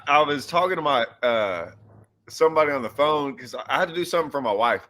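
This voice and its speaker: A man's voice: fairly high pitch, lively intonation, quick pace, sharp tone. A man hosting a casual fishing chat, rambling with restarts and loose asides. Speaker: host.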